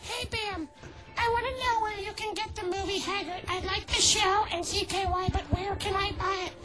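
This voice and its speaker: A man putting on the voice of a shrill, bossy, middle-aged soccer mom in crude comedy radio banter, scolding and giggling. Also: steady tone, moderate pace, over loud music. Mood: chirpy.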